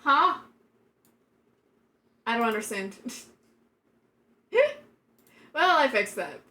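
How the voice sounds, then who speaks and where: Woman, high voice, slow-paced, giggly, rambling, casual streamer chat. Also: animated, pushed and bright. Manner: giggly, rambling, lots of fillers.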